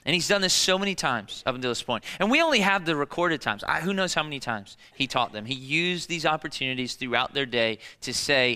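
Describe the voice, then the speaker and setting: A man in his thirties preaching a sermon, telling stories in an animated way and acting out the people in them in quick voices. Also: mid-range voice, clean tone. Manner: animated storytelling, acts out disciples and kids in quick voices. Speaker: pastor.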